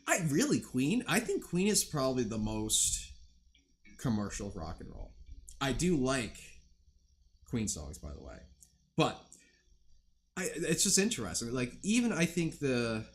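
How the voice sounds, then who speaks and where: A man's voice: medium pitch, huge pitch swings, measured pace, long pauses, slight background noise. A young man hosting a livestream, chatting casually with viewers in a rambling, profane way full of fillers. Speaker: livestream host. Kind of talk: casual chat with stream viewers.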